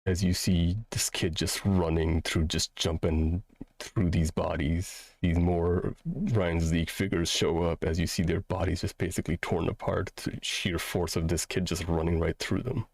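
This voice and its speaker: A man narrates a tabletop game in a deep voice with a gravelly, husky edge. He paces his descriptions slowly and pauses often. The sound is dry and close. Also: fairly even intonation, dry recording. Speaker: game master.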